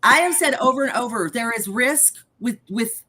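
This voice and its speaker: A woman hosts a live talk show and makes her points bluntly and emphatically. Her voice sits fairly high and swoops lively up and down as she argues. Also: normal speed, a crowd in the background. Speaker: host. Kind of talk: live podcast chat.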